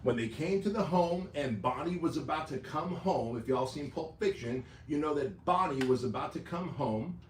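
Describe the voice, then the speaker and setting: A man's voice: a little high, expressive, normal speed, hardly any pauses, distant mic. A man giving an emphatic, punchy motivational talk, driving his points home with repeated lists. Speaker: motivational speaker. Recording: roomy echo, faint noise.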